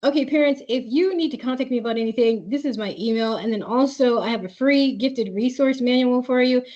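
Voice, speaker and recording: Her voice sits on the high side and moves fairly quickly over dull lo-fi webinar sound. At a live school webinar for parents, she voices their questions, then answers with warm, filler-heavy coaching.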